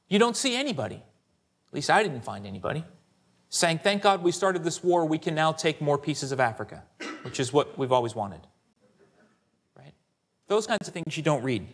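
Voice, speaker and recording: Male historian, symposium lecture, slightly high, animated delivery. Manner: conversational, rhetorical asides like "Right?"; animated, quotes sources in character. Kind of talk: academic lecture.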